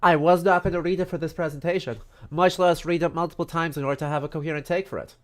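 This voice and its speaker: A man's voice: on the high side, fairly even intonation, fast talker. Chatty stuffy-nosed man streaming. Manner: chatty and joking, many fillers and asides. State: stuffy, congested nose. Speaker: history streamer. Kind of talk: casual livestream lecture. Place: home in the countryside.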